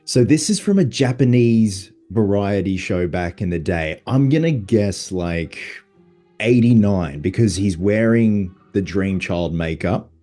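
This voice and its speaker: Deep mellow guy hosting a podcast, quick excited fan chat. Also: soft background music. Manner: quick, chatty, enthusiastic fan talk. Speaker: podcast host. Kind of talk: casual chat.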